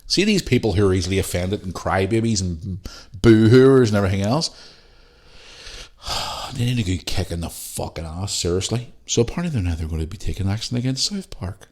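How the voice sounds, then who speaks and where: A solo podcast host from Northern Ireland, speaking in a lowish, darkish voice with a Northern Irish accent, rants bluntly and swears freely.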